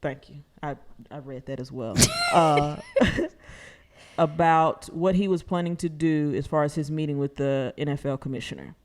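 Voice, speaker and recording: A woman's voice: low voice, a little slow. A woman co-hosting a podcast in casual chat, tired, with a dry, teasing manner. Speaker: podcast co-host.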